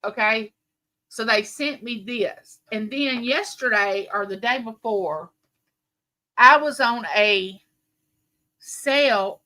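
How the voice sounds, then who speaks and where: A woman, chatting and telling stories to viewers on a live stream from home. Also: a little high. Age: late 50s. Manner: chatty, warm, rambling storytelling with viewers. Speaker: livestream host. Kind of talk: casual live-stream chat.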